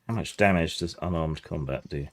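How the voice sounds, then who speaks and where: A man narrating as game master of a tabletop game, relaxed and descriptive with many fillers. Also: rumbling low, fairly quick.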